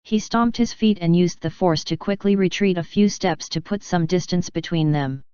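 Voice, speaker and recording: A woman reads a fantasy novel aloud in a steady, even narration with a low, very smooth and resonant voice. She sounds close and dry, with the highs slightly dulled. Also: moderate pace, no room sound, muffled recording. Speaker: audiobook narrator.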